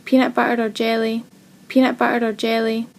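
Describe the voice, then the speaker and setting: A woman with a Scottish accent repeating a phrase in a steady tone as a pronunciation sample. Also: on the high side, a little fast, creaky.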